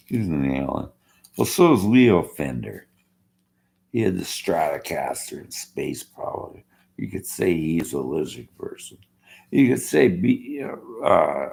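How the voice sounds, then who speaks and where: This vlogger is an older man from Canada whose very deep, gravelly voice has a darkish tone and a slurred sound. Bitter and argumentative, he delivers a rambling rant to the camera.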